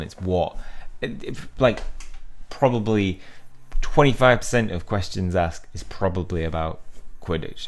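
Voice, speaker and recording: Low gravelly-voiced man gaming. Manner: chatty, rambling, reads in-game text aloud. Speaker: mobile game let's-play host. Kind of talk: casual gaming commentary.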